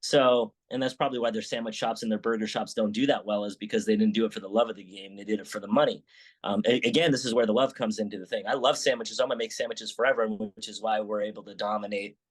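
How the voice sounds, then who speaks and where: A man's voice: lowish voice, quick pace. A middle-aged man, a restaurant founder, chatting as an interview guest, telling stories with lots of restarts and acted-out quotes. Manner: animated storytelling with many restarts and acted quotes. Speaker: sandwich shop founder, guest. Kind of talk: casual interview chat.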